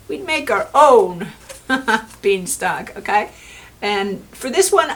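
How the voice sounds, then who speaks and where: A woman librarian reading a fairy tale to children and explaining a craft, gently checking in with them. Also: on the high side. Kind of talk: children's story time reading.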